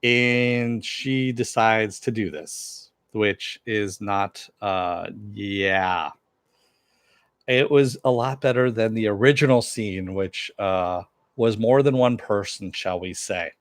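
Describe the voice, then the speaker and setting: Guy rambling thru a tv episode recap, kinda low voice, lots of uh and um, dry sound. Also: takes it slowly, no echo. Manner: rambling, with many fillers; answers viewer chat. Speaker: TV show reviewer.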